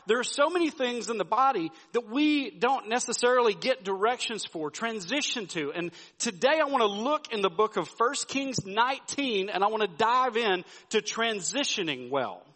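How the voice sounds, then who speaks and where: High-voiced pastor preaching. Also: male voice, lively intonation, normal speed, few pauses, pushed and bright. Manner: storytelling with folksy asides and repeated restarts. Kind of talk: sermon. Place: church sanctuary. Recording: sermon with long hall reverb.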